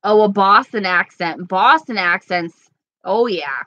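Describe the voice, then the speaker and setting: A woman's voice: mid-range voice, lively intonation, measured pace, bright, forceful tone, no echo, highs cut off. A woman from New York, chatting casually and giggling as she rambles through viewer comments as a beauty vlogger. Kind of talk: casual live chat reading comments.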